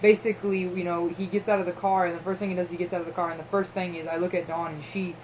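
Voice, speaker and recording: A young woman co-hosting a podcast, telling an excited story in casual chat with lots of fillers. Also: fairly low pitch, fast talker, slight background noise, rough recording. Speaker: podcast co-host.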